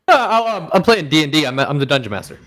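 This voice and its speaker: A man co-hosting an improv comedy show in casual chat, goofy, giving deadpan absurd answers and laughing, over a voice call. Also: a little high.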